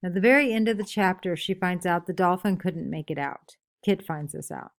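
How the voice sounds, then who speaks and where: A woman teacher reading passages from a novel and asking her class questions about them. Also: lowish voice. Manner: asks many questions, pausing for answers; reads book passages aloud, then explains. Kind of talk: classroom read-aloud with discussion questions.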